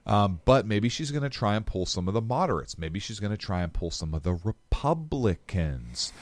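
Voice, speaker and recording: Man, low voice, lively intonation, blunt profane political chat, dry sound. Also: moderate pace, dry recording. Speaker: podcast co-host. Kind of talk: casual political talk.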